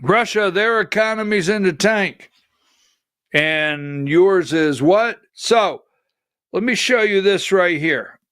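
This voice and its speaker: A man's voice: high voice, expressive, slow pace, a bit bright, clear, resonant tone, no room sound, studio quality. A male political talk show host giving combative, emphatic livestreamed commentary full of rhetorical questions.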